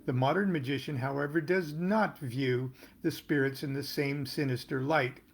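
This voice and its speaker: An older American man reading aloud from his own tarot booklet, pausing to explain terms and make small jokes. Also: mid-range voice, creaky. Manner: unhurried, stops to explain and joke. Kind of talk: casual reading with asides.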